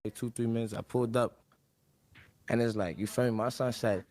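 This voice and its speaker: A young man venting in loose street slang, emphatic and full of repeated fillers. His voice sits at a middle pitch, and his talk is casual. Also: fairly even intonation, fairly quick, long pauses, a little mellow. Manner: slangy, emphatic, repeats "bro" and "you feel me".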